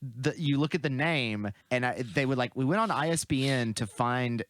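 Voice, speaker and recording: A man's voice: medium pitch, moderate pace, a bit bright, slight background noise. A man co-hosting a film podcast, telling stories casually with many restarts. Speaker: podcast co-host. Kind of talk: casual chat.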